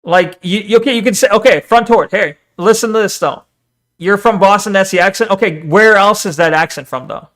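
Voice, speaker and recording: A man's voice: high voice, brisk, a bit bright. A streamer chatting casually on a live stream, rambling and arguing as he reads viewers' messages aloud and answers them.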